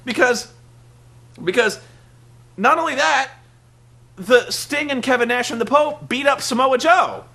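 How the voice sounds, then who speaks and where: A man with a high, bright, sharp-edged voice delivers a rambling rant as a show host. He sounds exasperated and sarcastic, swears freely and keeps restarting his sentences. The talk is loose and full of filler words. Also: unhurried, gravelly, pauses often. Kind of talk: ranting monologue review.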